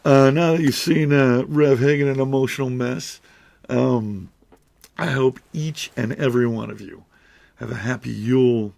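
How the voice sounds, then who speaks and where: A man's voice: mid-range voice, creaky, husky. A middle-aged man speaking earnestly and emotionally to camera, rambling and restarting as he goes. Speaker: YouTuber. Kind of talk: heartfelt direct-to-camera talk.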